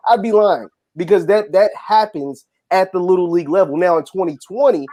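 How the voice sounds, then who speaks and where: A man's voice: sits high, fairly quick, hardly any pauses, dark tone. A man speaking as a panelist in a casual discussion, earnest, repeating points for emphasis.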